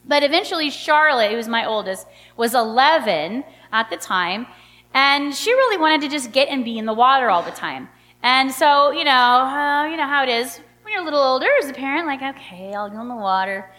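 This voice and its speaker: A middle-aged woman, a mother, telling a personal story in an animated, chatty way with many fillers. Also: sits high, a little fast. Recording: long hall reverb.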